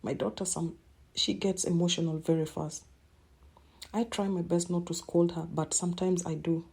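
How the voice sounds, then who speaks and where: A middle-aged woman hosting a podcast, telling a personal story in an emotional, halting way and repeating words as she speaks. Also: fairly low pitch, fairly even intonation, creaky, a little mellow, breathy edge. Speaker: podcast host.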